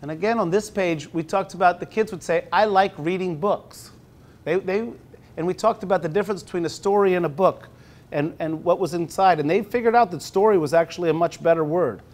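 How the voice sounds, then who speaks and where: A male teacher giving a conference presentation in a conversational way, slowing down when he reads aloud. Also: high voice, darkish tone. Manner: conversational, with restarts; slows down when reading aloud. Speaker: teacher presenting at a university talk.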